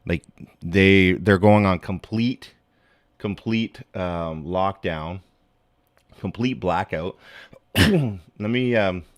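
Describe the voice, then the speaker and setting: A man's voice: sits low, drawn-out words, pauses often, dry recording, clean studio sound. A man hosting a live stream, chatting loosely and greeting viewers one by one by name. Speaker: livestream host. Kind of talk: casual livestream chat.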